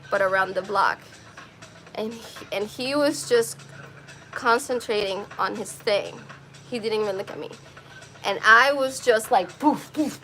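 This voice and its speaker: A woman's voice: on the high side, fairly bright tone, a little hiss or hum. Emotional rambling woman telling a story. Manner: emotional, rambling, swears freely. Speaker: podcast host. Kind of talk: personal storytelling.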